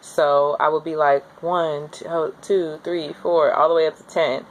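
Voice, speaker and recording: A young woman casually telling her own story to the camera, chatty and candid, with lots of fillers and lively acted-out quotes. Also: measured pace. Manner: acts out quoted voices with high jumps. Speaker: new mother telling her birth story.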